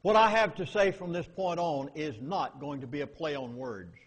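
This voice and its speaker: Speaking at normal speed with a slightly high, breathy voice, a man with a Southern US accent gives a public lecture to a live audience. The meeting hall adds echoey reverb, and his delivery is emphatic and urgent, packed with dramatic warnings.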